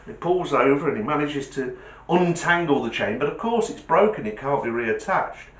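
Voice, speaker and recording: A man's voice: on the high side, lively intonation, moderate pace, reverberant. A man giving a casual, jokey vlog talk in a chatty storyteller's way. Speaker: vlogger. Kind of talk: casual monologue with a joke.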